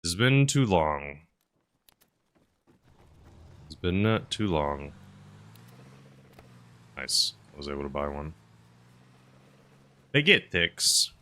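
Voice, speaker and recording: A low-pitched man with a bright, forward edge to his voice, talking his way through a game stream. He rambles and muses aloud, one moment punching words out loudly, the next trailing off into quiet asides. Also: sing-song, slow, long pauses. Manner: rambling, chatty, musing aloud; swings between loud bursts and mumbled asides. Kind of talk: casual live-stream commentary while playing.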